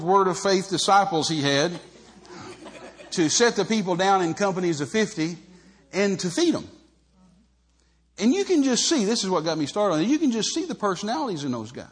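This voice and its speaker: A preacher, a man, telling a Bible story with folksy humor. His voice is husky and sits a little high. He swings from loud bursts to low, quiet asides as he acts out the people in the story.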